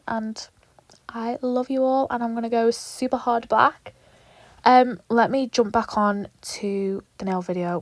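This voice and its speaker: Young woman, chatty nail vlogger, animated and sweary, dry close sound. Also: mid-range voice, no echo. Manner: animated, swears freely, rambling asides. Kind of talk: chatty tutorial vlog.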